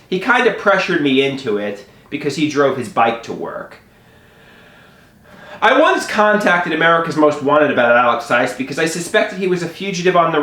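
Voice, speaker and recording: Guy telling a story about his past, bit high voice, stumbles and restarts a lot, swoops all over, echoey room. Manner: animated, with frequent stammered restarts. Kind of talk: personal storytelling to camera.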